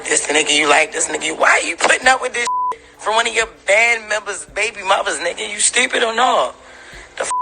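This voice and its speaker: A woman gossiping scornfully in a leaked voice recording, swearing and ranting fast. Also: lowish voice, rough recording. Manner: profane, scornful, rapid ranting. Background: music.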